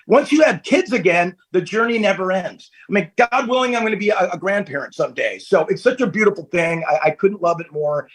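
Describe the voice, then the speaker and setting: A man's voice: high-pitched, breathy edge, poor audio. A man in his fifties, a podcast guest, telling candid stories in casual chat from home over a call. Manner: candid, storytelling, laughs easily. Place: at home, family nearby.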